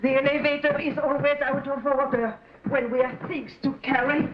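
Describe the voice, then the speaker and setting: An actress playing a loyal, sharp-tongued maid in a 1940s film, speaking tartly. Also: female voice, high voice, steady tone, normal speed, lightly acted. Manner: tart, sardonic. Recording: dull, noisy old film soundtrack.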